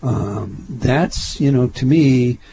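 Mellow-voiced male interviewer. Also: mid-range voice, takes it slowly, creaky, breathy edge, poor audio. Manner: thoughtful, meandering questions. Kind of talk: interview questions.

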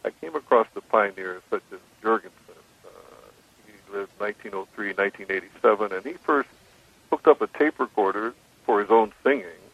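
A man calling in as a radio guest, telling his story in a measured way with frequent restarts. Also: mid-range voice. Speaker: guest describing his recording experiments. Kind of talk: phone-in radio interview. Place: on a phone call to a radio show. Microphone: telephone. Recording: dry tinny phone line.

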